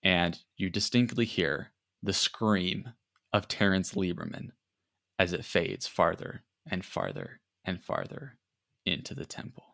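A man runs a tabletop role-playing game, narrating scenes in a casual, meandering way full of ums and restarts. His voice sits a little low yet sounds bright and forceful. The mic is close and the sound completely dry. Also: lively intonation, measured pace, gravelly, no echo. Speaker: game master.

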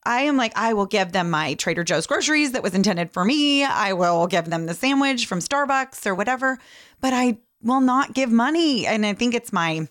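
A woman's voice: on the high side, animated, moderate pace, a bit bright, no room sound, clean studio sound. A woman hosting a casual conversation, speaking in a reflective way. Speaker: podcast host.

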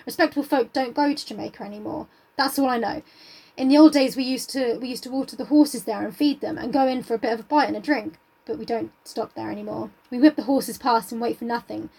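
A woman reading as an uneasy gruff coachman. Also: a little high, quick pace, dark tone, rough recording. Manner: evasive, hesitant reading.

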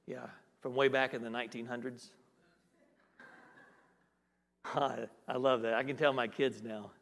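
A man's voice: mid-range voice, a bit bright, long reverb tail. A man preaching as a guest pastor. He repeats key phrases for emphasis and asks the congregation questions in a conversational way. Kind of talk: sermon.

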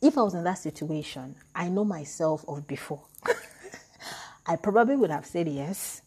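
Husky-voiced woman talking, chatty and animated. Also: on the low side, unhurried. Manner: chatty, animated, laughs at herself. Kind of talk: casual reflective monologue.

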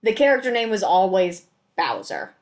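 Woman co-host, casual chat, matter-of-fact trivia talk, mid-pitched voice. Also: sing-song, normal speed. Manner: explains game trivia in a chatty, matter-of-fact way. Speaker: podcast co-host.

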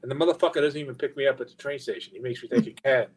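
A man's voice: medium pitch, racing, husky, rough recording. A middle-aged man, a podcast guest telling a long story in a casual, profane way and acting out the quoted lines. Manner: profane, animated anecdote-telling with quoted dialogue. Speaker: guest, record label founder.

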